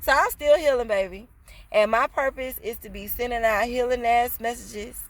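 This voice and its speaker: A woman with a slightly high voice, speaking at a normal pace, tells a casual storytime on her vlog. She's blunt, passionate, and full of slangy, streetwise talk, swearing freely.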